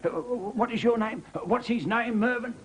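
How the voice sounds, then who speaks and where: A man's voice: very high-pitched, normal speed. An actor playing a forgetful man who rambles and loses track of his story. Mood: rambling. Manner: hesitant, forgetful, full of ums. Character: rambling forgetful man telling a tall tale. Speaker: sitcom character. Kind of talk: sitcom acting.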